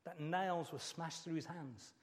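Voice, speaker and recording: Middle-aged male pastor, fairly high voice, heartfelt sermon with repetition, long church reverb. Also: a little slow. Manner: earnest, emotional preaching with repeated phrases.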